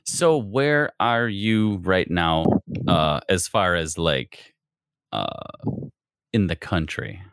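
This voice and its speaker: A man's voice: low-pitched, animated, fairly bright tone, clean tone, dry recording, studio quality. A man from Wisconsin with an Upper Midwest accent, hosting a podcast and chatting over a video call in a rambling, self-mocking way. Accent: Upper Midwest American. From Wisconsin, USA. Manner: self-deprecating, rambling, quick to laugh. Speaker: podcast host. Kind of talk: casual interview chat over video call.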